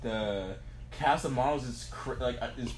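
A young man at a middle pitch rambles through casual chat with friends, slangy and loose, stacking filler words as he goes. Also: a little slow, a little hiss or hum. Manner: loose slangy talk full of "like" and restarts.

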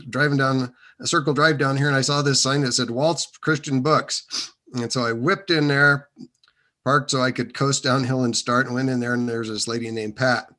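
A man sits for an interview and tells his faith story at an easy, middle pitch. He wanders and restarts often, circling back to his point with plenty of fillers. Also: sharp tone. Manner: rambling, many restarts and fillers. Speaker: interview guest. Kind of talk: casual testimony.

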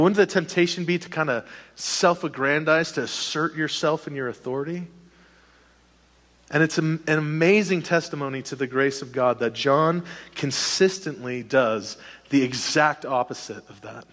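A man delivers a sermon with lively emphasis and the odd joking aside. His voice sits a little high for a man. It rings out with a long reverb, as in a large church hall. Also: normal speed. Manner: animated preaching with a joking aside. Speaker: pastor.

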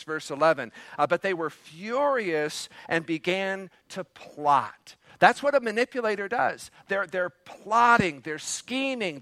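High, bright-voiced man preaching. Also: no echo. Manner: conversational preaching with frequent "uh" fillers; leans into acted quotes. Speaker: pastor. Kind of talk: sermon.

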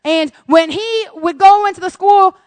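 High-voiced woman preaching animatedly. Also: measured pace, dry recording. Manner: animated preaching with playful acted-out quotes. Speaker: pastor. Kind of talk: sermon.

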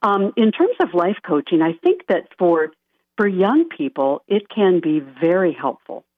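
A woman guest on a radio interview, a life coach, talking softly and earnestly and laughing lightly now and then. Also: fairly low pitch, sing-song, unhurried, no echo. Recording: dry tinny phone-line sound.

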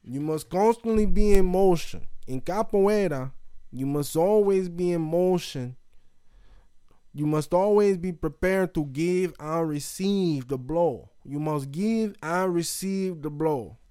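A man voicing a solemn male martial arts master with a put-on Brazilian accent, speaking in slow, emphatic, proverb-like phrases. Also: a little high, warm tone, clear, resonant tone, dry recording, clean studio sound, pitched above the performer's own voice.

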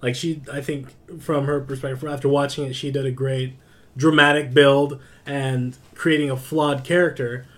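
A man's voice: medium pitch, little pitch movement, moderate pace, fairly bright tone. A man in a casual podcast chat, thoughtful, often repeating words as he searches for them.

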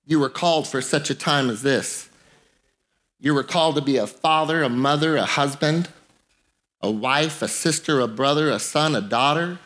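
High, bright-voiced male pastor preaching. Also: normal speed. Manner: joking, repeats phrases for emphasis. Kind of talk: sermon.

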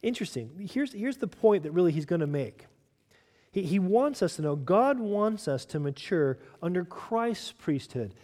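Preacher guy with a higher voice, emphatic, keeps asking the crowd questions. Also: big pitch swings, moderate pace, mellow. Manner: emphatic, direct, asks the congregation questions. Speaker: pastor. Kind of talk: sermon.

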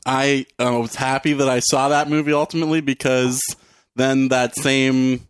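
A man's voice: mid-range voice, level tone, moderate pace, smooth, no room sound. A man co-hosting a comedy podcast, arguing his point in a blunt, grumbling way. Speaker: podcast co-host. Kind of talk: casual comedic banter.

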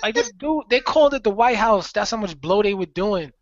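A man's voice: high voice, expressive, fairly quick, a little hiss or hum. A man co-hosting a casual chat, giving his opinions matter-of-factly. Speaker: podcast co-host. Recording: dry lo-fi recording.

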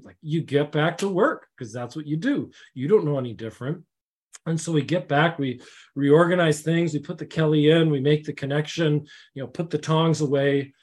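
Middle-aged guy telling an old work story, kinda higher voice, earnest, lots of uh and you know. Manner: earnest, with frequent restarts and fillers. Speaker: guest, safety consultant. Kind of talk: casual storytelling in a conversation.

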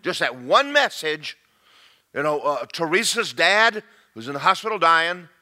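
A man preaching a sermon to a congregation, swinging between loud shouts and quiet, confiding asides. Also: a little high, big pitch swings, a little slow.

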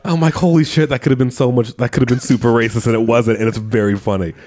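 A man's voice: medium pitch, steady tone, fast, a little mellow. A man co-hosting a casual movie podcast, retelling scenes with frequent laughter and swearing. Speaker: podcast co-host. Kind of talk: casual movie-review chat.

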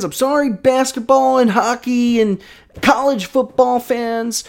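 A young man hosting a casual solo sports podcast. He is hyped and joking, swings a lot in pitch and loudness, and keeps throwing in self-mocking asides. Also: measured pace, vocal fry.

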